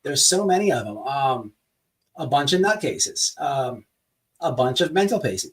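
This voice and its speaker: A man hosts a casual livestream, rambling through his thoughts with plenty of swearing and restarts. His voice sits in an ordinary middle pitch. He mocks his targets in a loose, joking way. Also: sing-song, measured pace, fairly bright tone, breathy edge. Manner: rambling, profane, mocking; mock sales pitch. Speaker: livestream host.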